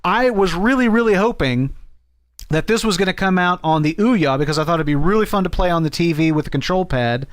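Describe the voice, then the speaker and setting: A man's voice: high-pitched, a little fast, no echo. Enthusiastic male podcast co-host. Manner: enthusiastic about games, swears casually. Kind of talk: casual podcast chat.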